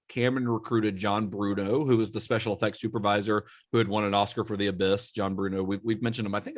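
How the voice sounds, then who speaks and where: Male podcast host, casual storyteller, fillers galore, low-set voice, dry recording. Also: fairly bright tone, no echo. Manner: rambling, filler-heavy, laughs often.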